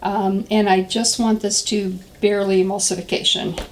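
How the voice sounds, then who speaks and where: A woman demonstrates a soap recipe in a casual step-by-step tutorial, chatting and thinking aloud with plenty of ums. Her mid-range voice is flat at a moderate pace, and the audio is poor.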